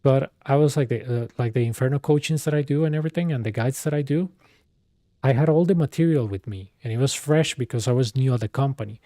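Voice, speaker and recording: A man's voice: medium pitch, quick pace, dark tone, dry recording, clean studio sound. A man streaming and coaching a game, telling an exasperated, rambling story full of filler words. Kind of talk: casual storytelling while streaming.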